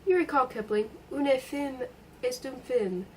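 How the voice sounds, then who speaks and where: A woman reading a novel aloud, putting on a blustering, rambling man with a high, hoarse voice and a strangely feminine manner. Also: measured pace, a little mellow, far from the mic, slight background noise. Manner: drawling, mocking, rambling. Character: fussy, blustering middle-aged man in a fog.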